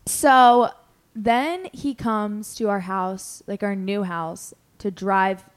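A young woman hosting a podcast, telling a story in casual chat, animated and full of "like" fillers as she acts out what people said. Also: mid-range voice, slow pace, clear, resonant tone. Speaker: podcast host.

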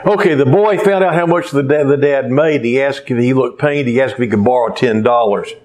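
A man's voice: medium pitch, fairly quick, darkish tone. A man preaching a sermon, telling stories and sometimes losing his place and starting over. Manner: rambling storyteller who loses his place and restarts. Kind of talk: sermon with storytelling.

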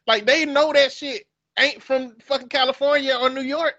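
A man's voice: very high voice, unhurried, muffled recording. A man with an Alabama Southern accent, chatting casually and expressively, cursing and laughing often. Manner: animated, profane, laughing often. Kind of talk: casual chat.

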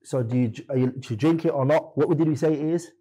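A man's voice: on the high side, fairly quick, mellow, slightly rough, rough recording. A man teaching a classroom lesson on Islamic law, quizzing his students by name and correcting them firmly.

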